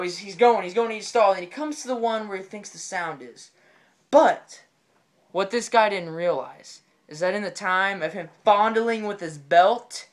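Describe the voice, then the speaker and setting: A man telling a comedic story in an excitable, rambling way, often repeating his phrases. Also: high-pitched.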